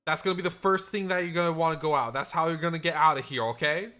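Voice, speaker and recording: A man speaking in character as a player in a tabletop game, giving hushed, urgent reassurance with frequent restarts. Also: fairly high pitch, steady tone, fast talker. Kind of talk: in-character tabletop role-play.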